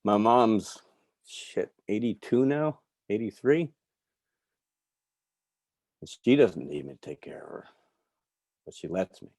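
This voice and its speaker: A middle-aged man from New York giving a candid personal recovery talk, telling stories with soft asides. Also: fairly low pitch, sing-song, takes it slowly, pauses often, no room sound. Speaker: recovery speaker.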